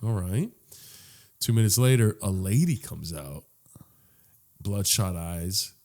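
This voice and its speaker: A man's voice: sits low, takes it slowly. A man co-hosting a casual podcast chat, telling stories animatedly, acting out other people's lines and swearing freely. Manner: animated storyteller, acts out voices, swears freely. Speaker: podcast co-host.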